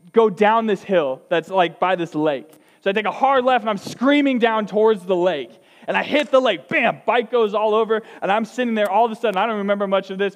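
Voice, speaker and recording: Young male student pastor, storytelling sermon, restarts often, high voice. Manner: storytelling, conversational with repeated restarts. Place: church hall. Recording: long reverb of a large hall.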